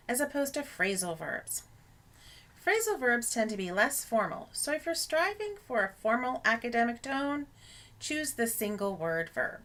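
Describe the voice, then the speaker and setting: A woman's voice: fairly high pitch, a bit bright. Woman narrating a writing lesson. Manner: clear, explanatory teaching tone. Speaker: writing instructor. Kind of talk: scripted instructional narration.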